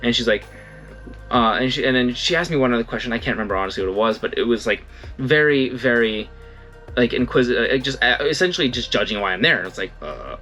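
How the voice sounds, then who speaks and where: Young guy rambling through a story, keeps fixing himself, bit of music in back. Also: mid-range voice. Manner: rambling, self-correcting, animated quoting. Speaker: vlogger. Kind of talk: casual storytelling.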